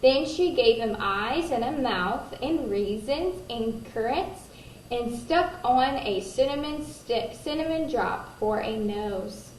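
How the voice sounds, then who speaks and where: A woman kindergarten teacher reading a picture book aloud to children, gentle, pausing to ask them questions. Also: a little high. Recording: roomy echo, distant mic, faint noise.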